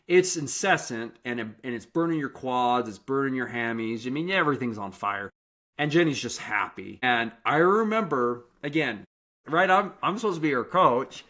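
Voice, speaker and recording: A man hosting a running podcast, telling stories in a lively, chatty way with frequent restarts. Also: mid-range voice, fairly quick. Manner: animated storytelling, many restarts. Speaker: podcast host and running coach. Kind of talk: casual interview chat.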